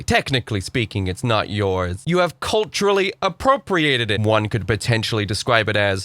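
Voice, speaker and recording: A man's voice: mid-range voice, fairly bright tone, no echo. A young man delivering an indignant, profane opinion rant to camera, lecturing his audience. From Britain. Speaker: vlogger.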